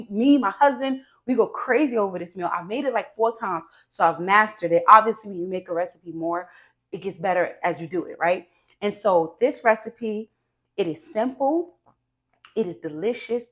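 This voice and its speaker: A woman hosting her own cooking vlog, talking straight to viewers in a lively, emphatic and chatty way, with slangy asides. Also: mid-range voice, moderate pace. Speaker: cooking show host.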